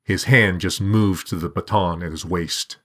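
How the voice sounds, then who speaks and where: A man reading a short story aloud in a measured, even storytelling manner. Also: low-pitched. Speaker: narrator. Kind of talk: scripted narration.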